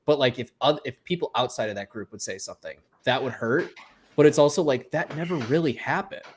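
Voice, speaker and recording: A man's voice: medium pitch, a little fast, slight background noise. A man co-hosting a podcast, talking candidly and casually with light laughs. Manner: relaxed, candid, laughs between thoughts. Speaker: podcast co-host. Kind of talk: casual chat.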